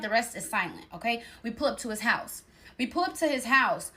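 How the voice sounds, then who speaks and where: A young woman telling a dating story in a casual storytime, animated and acting out the other people's voices. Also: fairly high pitch, fairly quick. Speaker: storyteller in a clip.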